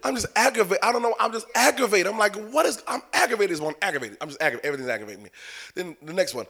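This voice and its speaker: Pastor guy preaching, aave, voice jumps all over, loud then hushed. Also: high-pitched, very fast, gravelly. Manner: animated preaching, swinging from loud calls to hushed asides. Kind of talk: sermon.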